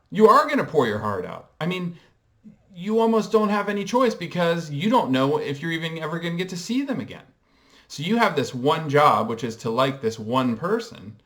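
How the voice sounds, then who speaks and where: Man, mid-pitch, reflective vlogger; measured, hesitant delivery full of ums. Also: a bit bright. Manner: explains and coins terms in a measured way. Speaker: pop culture vlogger. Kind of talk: casual commentary.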